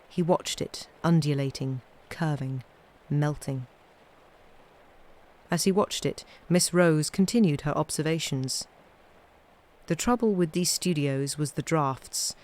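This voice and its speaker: A woman reading old ghost stories aloud on a live stream, chatting wryly between tales and trailing off softly at the ends of sentences. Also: low voice, measured pace. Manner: chatty, wry, trailing off quietly.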